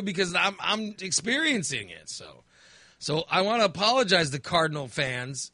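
A middle-aged man chatting casually, telling a story with lively acted-out reactions. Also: high voice, moderate pace, no echo. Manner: animated storyteller, acts out his own reactions. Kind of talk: casual chat.

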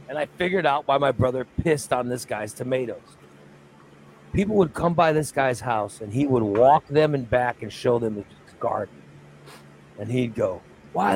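A man's voice: mid-range voice, a little mellow, slight background noise, poor audio. A man on a morning talk show telling a long, rambling story in casual, crude language. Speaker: radio show co-host. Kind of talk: casual chat.

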